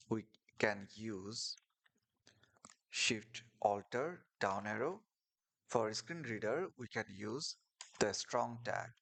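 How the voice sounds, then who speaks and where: A man's voice: fairly low pitch, fairly bright tone. A man teaching a screen-share coding lesson, explaining step by step with fillers and restarts over keyboard clicks. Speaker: coding tutorial instructor.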